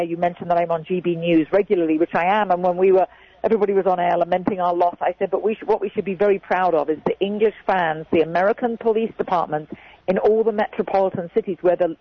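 A man's voice: high voice, no room sound. A man speaking as a guest on a radio talk show, earnest and emphatic, sharing opinions. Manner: earnest, emphatic, repeats "I think". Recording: slightly dull radio audio.

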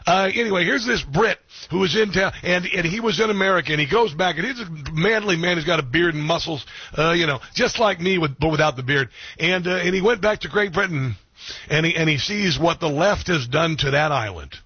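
A man's voice: fairly high pitch, fairly quick, breathy edge, highs cut off. A male talk radio host giving opinionated commentary, mocking in tone and echoing guests' words back.

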